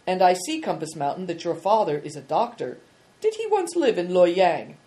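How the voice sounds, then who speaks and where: A woman voicing a kindly general who speaks in a calm, quiet tone of command in an audiobook reading. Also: lowish voice, normal speed.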